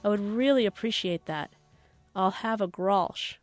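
A woman's voice: mid-range voice, unhurried, soft background music, lightly acted. A woman doing a shy English novelist. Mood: patient. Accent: English, put on. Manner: polite, patient, a little shy.

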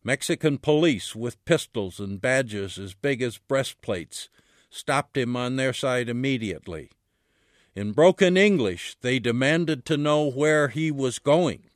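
A man, the author, reading a chapter of his book aloud in a measured way, his voice dropping low on the dialogue tags. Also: animated, no echo, studio quality.

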